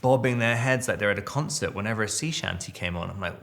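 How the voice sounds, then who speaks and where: Chuckling, rambling man with a gravelly voice. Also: fairly low pitch, quick pace, fairly bright tone. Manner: rambling and self-amused, full of restarts, fillers and chuckles. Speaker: actor interviewee. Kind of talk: casual interview, reminiscing.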